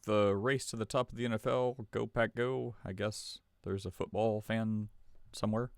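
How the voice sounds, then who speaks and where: A man's voice: on the low side, fairly even intonation, moderate pace, gravelly, dry recording, clean studio sound. A man hosting a podcast in casual chat, sarcastic and laughing often as he reads stories aloud. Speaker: podcast host.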